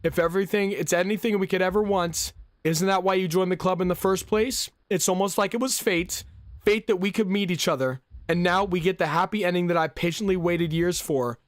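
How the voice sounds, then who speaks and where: A man's voice: sits high, steady tone, brisk, no room sound, close to an everyday voice. A man reading a sweet possessive girl. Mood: tender. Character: sweet, possessive young woman club president.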